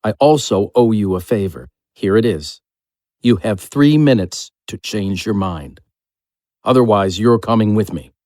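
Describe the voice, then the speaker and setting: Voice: medium pitch, expressive, measured pace, a little mellow, dry recording, clean studio sound, lightly acted. An actor voicing a stern, curt male alien teacher in a full-cast audiobook, giving short commands.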